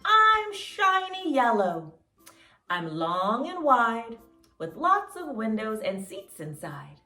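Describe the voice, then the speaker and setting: A woman's voice: on the high side, wildly swooping pitch, slow, bright, forceful tone, full character voice. A woman doing a sweet, prim school bus. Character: kind, proud female school bus. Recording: roomy sound, mic at a distance, faint music.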